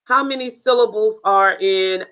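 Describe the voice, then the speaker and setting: A woman teaching a beginners' phonics lesson, slow and deliberate, drilling sounds and spelling words letter by letter. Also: medium pitch, a bit bright, smooth, low-quality recording.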